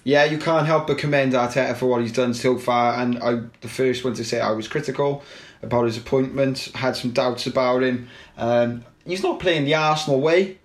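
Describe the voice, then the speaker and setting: A man talks football on a casual podcast in a mid-range voice. He is opinionated and easygoing, often pausing with fillers and restarting his sentences. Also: mid-range voice. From Wales. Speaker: podcast co-host.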